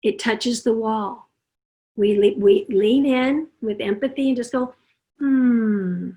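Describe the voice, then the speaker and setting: A middle-aged woman, a parenting consultant, giving an animated summit talk over a video call and acting out parent and child voices. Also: on the high side, measured pace.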